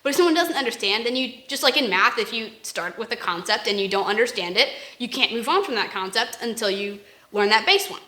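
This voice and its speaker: A woman's voice: on the high side, expressive, a little fast, bright, forceful tone. A woman co-hosting a casual faith discussion, rambling and acting out examples in quoted voices. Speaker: podcast co-host. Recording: roomy echo.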